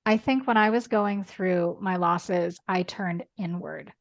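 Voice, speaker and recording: A woman guest on a podcast, talking earnestly in casual chat, with quick bursts and lots of "like". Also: fairly low pitch, gravelly.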